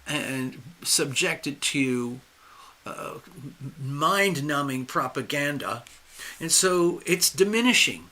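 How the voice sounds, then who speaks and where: A man hosting a live astrology stream, speaking emphatically with drawn-out stresses and restarts while losing his voice. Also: a little high, sharp tone. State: losing his voice, clearing his throat. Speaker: astrology and tarot livestream host.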